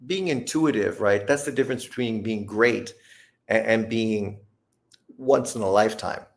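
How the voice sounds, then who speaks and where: A man's voice: fairly low pitch, creaky. A man in his fifties telling rambling, profane stories in a casual livestream chat. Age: 50s. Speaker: boxing livestream host.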